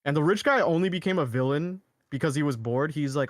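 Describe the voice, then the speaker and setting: A man's voice: a little high, fairly quick, no echo. Rambling young man, dry close sound. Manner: rambling, many fillers and restarts. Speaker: co-host. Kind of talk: casual chat.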